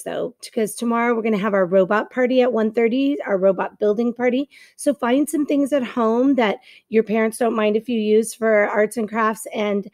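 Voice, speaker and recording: A woman teacher reading a novel aloud to her class in clear storytelling narration. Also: a little high, darkish tone, no room sound.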